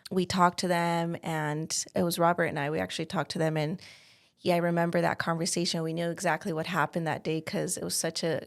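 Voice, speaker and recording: A realtor appears as a guest in a casual interview, telling stories in a chatty way and using "like" constantly as filler. Her voice is fairly low and creaky, with little pitch movement and a fairly quick pace.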